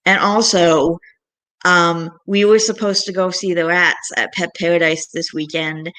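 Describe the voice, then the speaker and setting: A woman's voice: lowish voice, steady tone, unhurried, a bit bright. A young woman vlogging, venting in a rambling, frustrated way with frequent sighs. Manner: frustrated, rambling, sighing often. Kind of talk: casual venting monologue.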